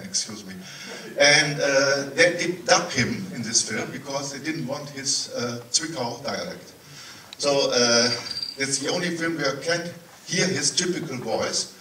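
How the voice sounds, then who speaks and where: A man's voice: mid-range voice, sharp tone, a little hiss or hum. A man with a German accent giving a chatty, digressive live introduction to a film screening for a festival audience. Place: large cinema auditorium. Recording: roomy hall sound from far off.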